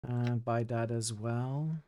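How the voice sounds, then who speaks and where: A man's voice: mid-range voice, steady tone, takes it slowly, mellow, dull audio. A man streaming a role-playing game, reading its text aloud and chatting casually with his viewers.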